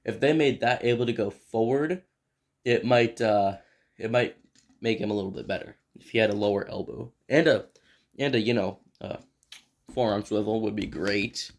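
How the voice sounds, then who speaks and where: A man casually reviewing an action figure, rambling and thinking aloud as he handles it, often clearing his throat. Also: fairly low pitch, normal speed. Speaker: toy reviewer. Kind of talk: casual toy review vlog.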